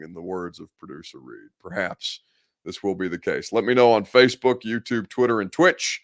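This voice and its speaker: A man's voice: sits low, steady tone, moderate pace. A man hosting a casual sports talk show, joking about himself and breaking into mock rants. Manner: self-deprecating, jokey, ranting.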